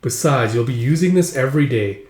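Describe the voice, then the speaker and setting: A man voicing a stern old grandmother who teaches embroidery, speaking firmly and in a measured, lecturing way. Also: medium pitch, expressive, a little mellow, close to an everyday voice. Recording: echoey room.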